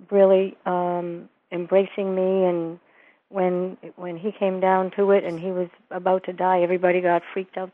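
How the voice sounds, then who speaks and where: A woman minister being interviewed, telling a personal story earnestly and acting out the voices of the people in it. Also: lowish voice. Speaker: guest, minister and author. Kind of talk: interview conversation. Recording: tinny phone-like line.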